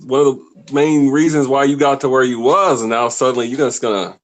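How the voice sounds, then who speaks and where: A man's voice: mid-range voice, steady tone, brisk. Laid-back man swearing in casual chat. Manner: laid-back, swears freely, laughs often. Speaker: podcast co-host.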